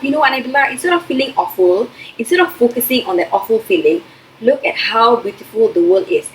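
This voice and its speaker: A woman's voice: a little high, slight background noise, rough recording. A young woman vlogging to camera, chatty and earnest as she gives encouraging advice. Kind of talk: casual advice vlog to camera.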